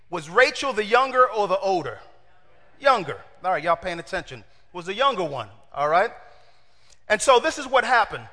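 A man preaching a sermon in an animated way, asking his congregation questions and acting out the quotes. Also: high voice, big-room sound.

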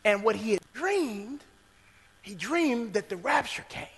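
A man preaching a sermon to his congregation, swinging between loud preaching and hushed near-whispers and calling out "guess what" again and again. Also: high-pitched, expressive, a little slow, breathy edge, big-room sound, poor audio. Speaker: pastor. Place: church sanctuary.

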